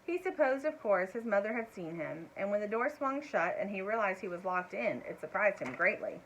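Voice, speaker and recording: A woman reading a children's chapter book aloud in a gentle, expressive way, adding little asides for young listeners. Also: mid-range voice, brisk, muffled recording, a little hiss or hum. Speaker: storyteller.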